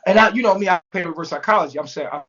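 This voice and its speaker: Man telling a story, animated, profane, acts out voices, dull lo-fi recording. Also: high-pitched, very fast. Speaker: interview guest. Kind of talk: casual storytelling. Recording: dull lo-fi sound.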